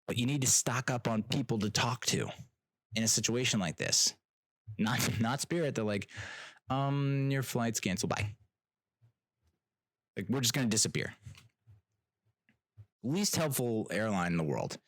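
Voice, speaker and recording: Young guy hosting his podcast, deep-ish voice, very animated storytelling, dry mic. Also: moderate pace, long pauses, dry recording. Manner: animated, exasperated, mimics other people. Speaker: podcast host. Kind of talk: casual ranting monologue.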